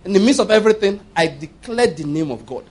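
A man's voice: high voice, animated, fast, breathy edge. A man with a Nigerian accent preaching a sermon, telling humorous stories and making emphatic declarations. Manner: humorous, storytelling, laughs often. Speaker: pastor.

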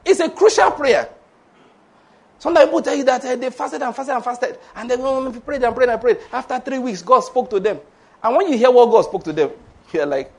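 A man's voice: extremely high pitch, fairly quick, darkish tone. A man preaching a sermon, laughing often and acting out the voices of the people he quotes.

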